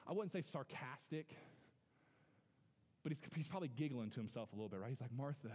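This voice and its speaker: Pastor preaching in a reverberant church hall. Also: male voice, medium pitch, quick pace, slightly rough. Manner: lively, conversational preaching with frequent repetitions and audience address. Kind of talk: sermon. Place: church sanctuary.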